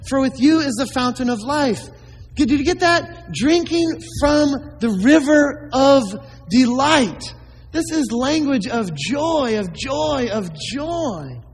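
A man's voice: very high voice, animated, slow, in a large hall, a little hiss or hum, rough recording. A man preaching a sermon as a pastor, emphatic, with many rhetorical questions to the congregation.

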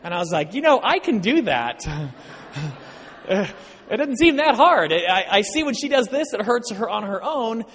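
Guest preacher, male, high pitch, animated storyteller, reverberant church hall. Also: measured pace, long pauses, a little hiss or hum. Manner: animated storyteller, acts out dialogue. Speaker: guest speaker. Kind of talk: sermon with personal stories.

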